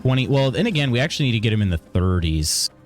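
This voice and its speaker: A man's voice: mid-range voice, fast talker, faint music behind. A man streaming a video game live, chatting casually and thinking aloud as he plays. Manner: relaxed, chatty, thinks aloud while playing.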